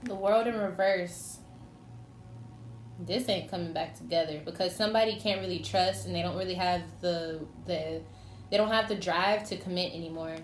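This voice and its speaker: A woman's voice: on the low side, fairly even intonation, moderate pace. A woman giving a casual tarot reading, chatty and teasing, talking straight to the signs she reads for. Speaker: tarot reader. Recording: echoey room with faint noise.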